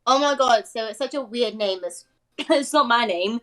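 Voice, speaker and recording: A woman's voice: a little high, moderate pace, fairly bright tone. A woman, a podcast guest, chatting casually in a giggly, bashful way. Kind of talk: casual chat.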